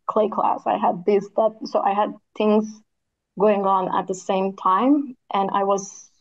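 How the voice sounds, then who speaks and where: A woman architect speaking as a guest in a casual interview, her voice a bit tired, thoughtful, with many fillers. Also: medium pitch. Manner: thoughtful, with frequent "like" and "kinda" fillers. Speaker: architect and podcast co-host, guest. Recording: slightly dull lo-fi audio.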